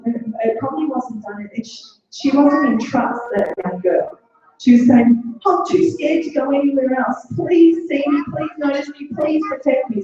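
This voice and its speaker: A woman's voice: a little high, warm tone, very echoey, recorded from a distance, lo-fi sound. A middle-aged woman giving an earnest motivational talk, repeating phrases for emphasis. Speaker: guest speaker.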